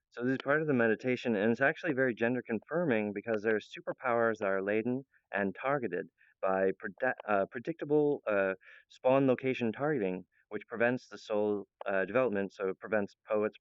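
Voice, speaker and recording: A man's voice: on the low side, clean tone, no room sound. A young man talking in a meandering monologue, laughing often and breaking off mid-sentence. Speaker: channel host. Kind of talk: rambling monologue. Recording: dull, lo-fi, dry sound.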